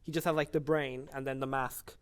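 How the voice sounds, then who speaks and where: A man's voice: mid-range voice, little pitch movement, fairly quick, a little hiss or hum. A young man co-hosting a casual podcast, chatting easily with his friends. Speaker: podcast co-host. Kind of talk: casual chat among friends.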